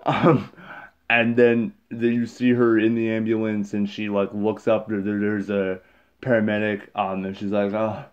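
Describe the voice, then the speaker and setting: A man's voice: on the low side, level tone, normal speed, clear, resonant tone, dull audio. A man casually recapping a movie in a rambling, exasperated, sarcastic way, full of fillers. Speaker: movie reviewer.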